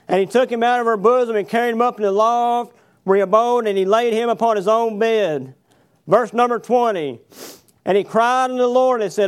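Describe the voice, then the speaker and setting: A man's voice: high voice, moderate pace, clear, resonant tone. A man preaching a sermon, reading verses aloud and then explaining them with rhetorical questions to his congregation. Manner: reads verses aloud, then paraphrases with fillers. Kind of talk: sermon reading and expounding scripture. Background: congregation answering amen.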